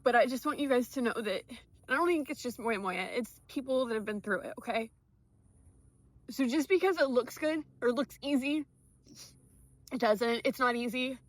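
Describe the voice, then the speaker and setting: Woman vlogger, sincere and direct with her followers, voice a bit high, dry recording. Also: dry recording. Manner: heartfelt, earnest, speaking directly to followers. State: tearful. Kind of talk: emotional personal vlog.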